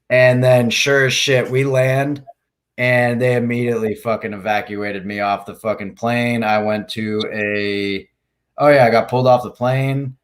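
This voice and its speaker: Speaking at a moderate pace in a medium-pitched voice, a male podcast guest tells a rambling story in casual conversation. He swears heavily, leans on "like" constantly, and acts out the quotes.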